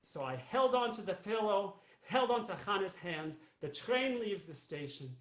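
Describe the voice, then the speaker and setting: A man's voice: high voice, very animated, a little slow. A man playing an elderly Jewish immigrant grandmother, a fussy, rambling storyteller who keeps repeating herself. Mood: wistful. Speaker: cantor. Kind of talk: live character monologue. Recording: roomy echo.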